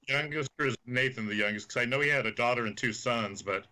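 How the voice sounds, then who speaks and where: A man's voice: mid-range voice, quick pace, bright, forceful tone, poor audio. A man who once refereed wrestling, a guest on a radio chat, telling long rambling stories. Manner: rambling, chatty storyteller.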